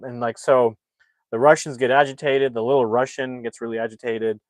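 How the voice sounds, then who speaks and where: With a mid-range voice and a brisk pace, free of echo, a movie reviewer runs through a film's plot on his livestream. His telling is loose and rambling, full of false starts, and he animatedly performs what the characters say.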